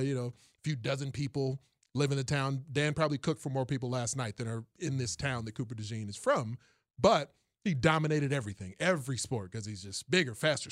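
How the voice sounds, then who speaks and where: A man's voice: mid-range voice, no room sound, studio quality. A man in casual sports talk, analyzing a football prospect in detail and often repeating words as he starts a thought.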